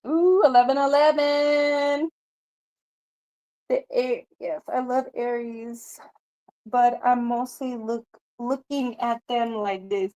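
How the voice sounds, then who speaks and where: A woman's voice: fairly high pitch, fairly even intonation, slow pace, mellow, highs cut off. A woman hosting a casual livestream, rambling loosely with lots of swearing, laughter and "you know" fillers. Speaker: livestream host. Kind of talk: casual live-stream chat.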